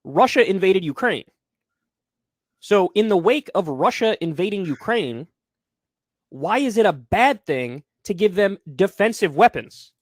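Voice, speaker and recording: A man rebutting a point with emphatic insistence. His pitch swings a lot, and the sound is dry and close. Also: big pitch swings, unhurried, no echo. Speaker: political commentator. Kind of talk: debate rebuttal.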